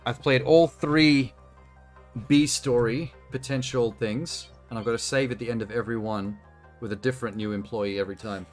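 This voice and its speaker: A man's voice: medium pitch, fairly even intonation, moderate pace, soft background music. A man casually commenting as he plays a video game on a live stream, chatty and given to swearing and talking to himself. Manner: chatty, profane, self-talking while playing. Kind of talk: casual let's-play commentary.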